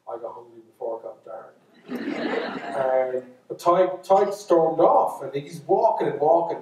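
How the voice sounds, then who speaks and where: A man's voice: medium pitch, darkish tone, far from the mic, a little hiss or hum. An Irish man spins a folk tale for a live crowd, breaking off for chatty asides. His voice rings through a big echoey hall, picked up from some way off the mic. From Ireland. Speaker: storyteller.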